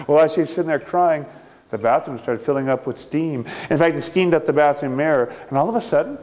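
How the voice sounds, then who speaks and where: A man's voice: fairly high pitch, animated, brisk, a little mellow. A man telling a campy horror story with theatrical, gleeful delivery, laughing often. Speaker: ghost story narrator.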